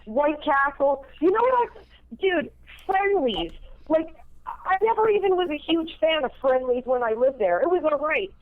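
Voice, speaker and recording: A woman from New Jersey with a fairly high voice chats casually on a podcast. She swears easily and sounds laid-back, heard through a tinny, phone-like line. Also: lively intonation, normal speed.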